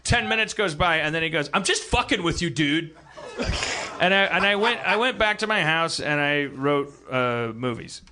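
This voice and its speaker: Male comedy-podcast host from Milwaukee, bright and slightly high voice, profane rambling storyteller. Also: lively intonation, normal speed, hardly any pauses, a little hiss or hum. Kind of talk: live comedy podcast chat. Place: stage before a live audience.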